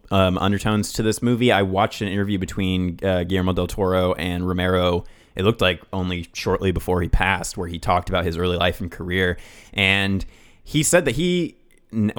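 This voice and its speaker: A man co-hosting a casual podcast, reading film facts and riffing on them with loose, rambling asides. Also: sits low. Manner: rambling, reads facts then riffs, swears. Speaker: podcast co-host.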